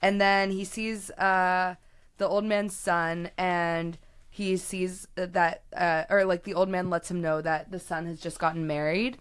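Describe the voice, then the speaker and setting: A woman's voice: lowish voice, level tone, unhurried, smooth. A woman co-hosting a casual book-club podcast. She retells scenes with amusement and laughs often. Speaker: podcast co-host.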